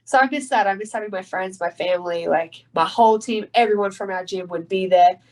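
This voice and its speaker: A woman's voice: mid-range voice, a little fast, a little mellow, rough recording. An Australian woman in her thirties chatting casually in an interview, swearing freely and laughing easily. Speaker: guest fighter.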